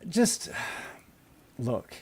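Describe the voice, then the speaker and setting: A man's voice: extremely slow, darkish tone. A man co-hosting a sports podcast, ranting with lots of swearing and restarts. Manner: ranting, profane, many restarts. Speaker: podcast co-host. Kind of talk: heated sports podcast chat.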